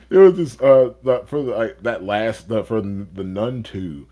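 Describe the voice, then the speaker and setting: A man co-hosting a casual podcast, telling stories in an animated way and laughing often. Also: fairly low pitch, slow. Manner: animated storytelling, laughs a lot. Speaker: podcast co-host.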